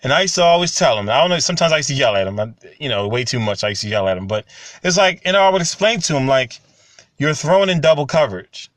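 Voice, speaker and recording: A man, talking casually and getting animated when he tells stories. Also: medium pitch, quick pace, dry recording. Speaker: commentary channel host. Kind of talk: casual monologue to camera.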